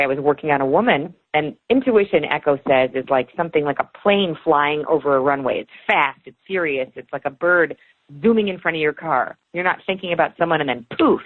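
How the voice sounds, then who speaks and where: Low-voiced woman on a tinny phone line. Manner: animated storyteller, acts out dialogue. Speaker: author guest. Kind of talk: podcast interview storytelling.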